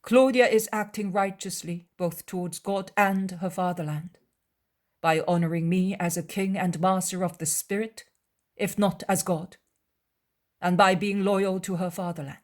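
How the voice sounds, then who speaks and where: A woman voicing a calm, wise male teacher who speaks in a measured, gentle and earnest way in a dramatized audiobook. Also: on the low side, lightly acted.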